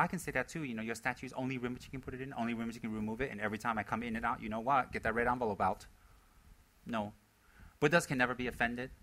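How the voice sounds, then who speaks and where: A man's voice: mid-range voice, sharp tone, poor audio. A man teaching Buddhism in a loose, conversational talk, repeating words for emphasis and acting out the people he quotes. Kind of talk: informal dharma talk.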